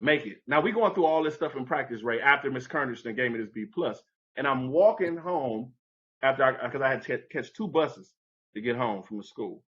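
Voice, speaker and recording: A man's voice: expressive, normal speed, a bit bright, dull audio. A man telling a story from his youth as a guest in a conversation, acting out what people said with big jumps in his voice. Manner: acts out quoted voices with big pitch jumps. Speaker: podcast guest. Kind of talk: animated storytelling.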